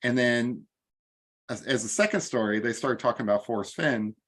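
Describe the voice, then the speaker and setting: A man's voice: medium pitch, moderate pace, a bit bright. A tipsy man chatting loosely as a guest, rambling and easily amused. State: tipsy from drinking. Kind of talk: casual chat.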